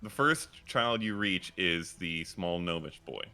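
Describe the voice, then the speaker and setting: A man acting as dungeon master, narrating a tabletop game scene slowly and descriptively, with frequent fillers. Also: low voice, animated, sharp tone, smooth.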